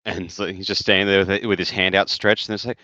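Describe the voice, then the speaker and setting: Low male co-host, animated storyteller, dry and slightly muffled mic. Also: fast, no echo. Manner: animated storyteller, swears casually. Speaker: podcast co-host. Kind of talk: casual chat.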